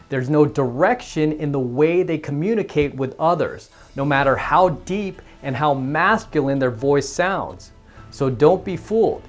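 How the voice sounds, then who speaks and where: A man coaching other men on confidence, giving an instructional talk in a calm, steady and assertive way. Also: a little high. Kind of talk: instructional monologue to camera.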